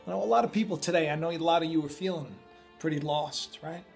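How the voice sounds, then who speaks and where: A man's voice: a little high, fast talker, vocal fry, faint music behind. A man hosting a casual monologue video, rambling and chatty with lots of fillers and asides. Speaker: prophecy video host. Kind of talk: casual monologue on end-times signs.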